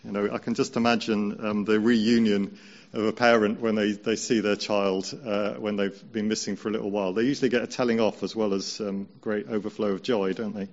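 A man preaching a conversational sermon, slowing down to stress key points. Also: lowish voice, flat delivery, highs cut off. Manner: measured, conversational, slows down for emphasis.

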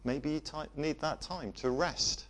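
A man preaching a sermon to a congregation, gentle in manner, often dropping to a soft voice for emphasis. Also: on the high side, measured pace. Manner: gentle, varies loudness for emphasis, drops to soft tones.

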